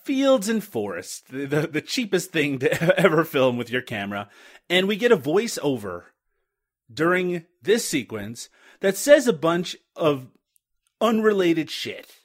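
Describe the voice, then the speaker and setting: Male podcast host, fairly high and very lively voice, wisecracking. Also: unhurried. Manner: sarcastic, joking, laughs often. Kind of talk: casual chat.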